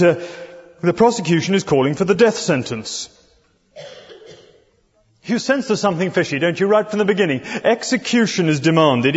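A man preaching an expository sermon, talking conversationally and putting rhetorical questions to his listeners. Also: fairly high pitch. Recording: dull recording in a reverberant hall.

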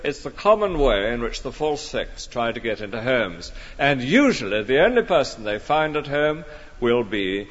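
A man's voice: mid-range voice, a bit bright, big-room sound, dull audio. A man preaching an expository sermon in an earnest, emphatic way. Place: church.

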